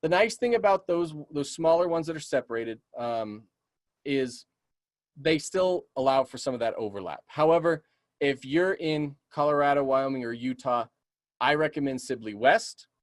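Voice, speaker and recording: An upbeat man, a bit higher-pitched than most, talks a webinar audience through birding basics over a computer mic. His delivery is chatty and eager, with plenty of ums and okays, and his voice sounds slightly worn. The sound is close and dry, with no room around it. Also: lively intonation, normal speed, no echo. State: voice getting tired. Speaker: community naturalist teaching a webinar. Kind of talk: casual webinar teaching with audience Q&A.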